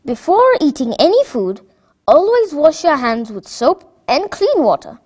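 A woman's voice: high-pitched, very animated, darkish tone, voice pushed up. A woman as a patient doctor. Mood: instructive. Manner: slow, instructive. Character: patient, kind doctor giving advice.

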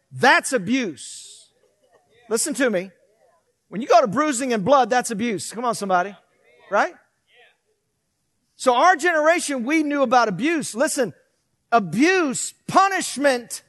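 High-voiced preacher, very animated. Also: male voice, dry recording, clean studio sound. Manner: animated preacher, swinging from loud to hushed, acting out quotes. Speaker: pastor. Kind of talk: sermon.

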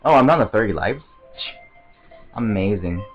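A man giving casual, excitable gameplay commentary, rambling to himself and often stammering over restarts. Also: fairly low pitch, moderate pace, lo-fi sound, soft background music. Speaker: let's play commentator.

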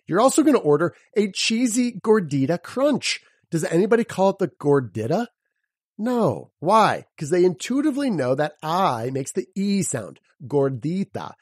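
A man hosting a solo podcast lesson. He spells words out letter by letter and asks his listeners rhetorical questions in a lively, teacherly way. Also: high voice, moderate pace, husky, no echo, clean studio sound. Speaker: podcast host and sales coach.

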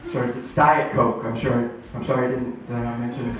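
A man's voice: medium pitch, level tone, fairly quick, very noisy. A man doing a stand-up set at an open mic, with wry, self-deprecating setups. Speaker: stand-up comedian. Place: comedy club stage. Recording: echoey club mic heard from far off.

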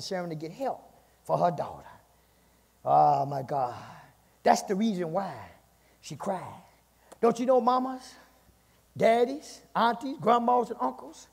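A male pastor preaching a fiery sermon, punctuating lines with "my God" and swinging between shouts and hushed passages. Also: high voice, vocal fry, husky, long reverb tail. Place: church sanctuary.

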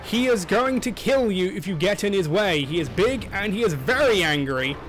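A young man giving casual, excitable commentary over his own gameplay, yelping and laughing at the game. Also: sits high, moderate pace, slight background noise. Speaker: gaming channel host.

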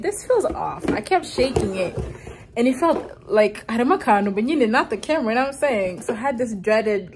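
A woman's voice: mid-range voice, a little hiss or hum. A young woman talking to the camera at home in a casual, rambling vlog, often laughing at her own mishaps. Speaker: vlogger.

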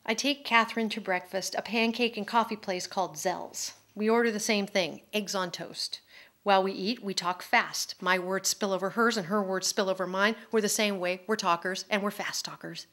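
A middle-aged woman, an author, telling an emotional personal story at a public talk in a candid, quick-flowing way. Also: medium pitch, fairly even intonation, a bit bright. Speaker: author speaking at a public forum.

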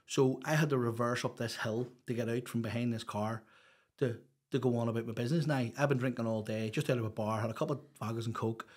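A man's voice: medium pitch, steady tone, fast, a little mellow, breathy edge. Chatty Northern Irish man telling stories. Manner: rambling, peppered with "you know"; open, chatty storyteller. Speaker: podcast guest. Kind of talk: casual storytelling interview.

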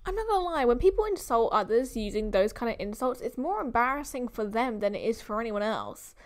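A young woman with a British accent reacts to a film in a chatty, teasing way. Her voice sits high. The sound is close and dry, with no room around it. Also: animated, a little fast, dry recording. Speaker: movie reaction host. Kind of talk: casual reaction commentary.

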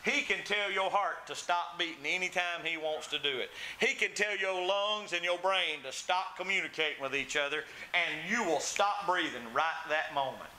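A man's voice: a little high, normal speed, few pauses, bright, forceful tone, a little hiss or hum, rough recording. A man preaching a sermon, telling stories and acting out the voices in them. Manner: storytelling preacher, acts out quoted voices with big swings. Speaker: pastor.

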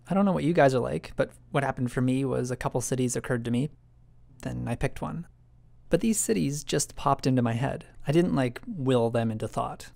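Male essay narrator, self-questioning and musing, gravelly voice, dry close recording. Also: medium pitch, a little mellow, dry recording. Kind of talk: reflective scripted narration.

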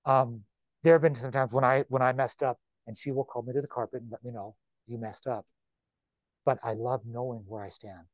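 A man, a real estate broker, giving an informal training talk to agents in a chatty, animated way, with quick repeats and asides. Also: medium pitch, dry recording.

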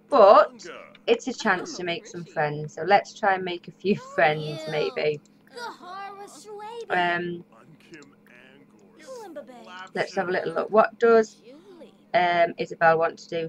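Her voice runs lowish and her delivery is measured as she hosts a let's play. She chats casually throughout and talks to the game's characters, captured on slightly dull, lo-fi audio.

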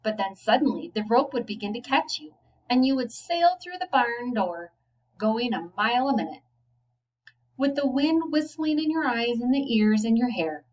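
A woman, a teacher, reading a children's novel aloud, giving the children's lines a lively lift. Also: fairly high pitch, normal speed, far from the mic, a little hiss or hum, rough recording. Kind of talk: storybook read-aloud.

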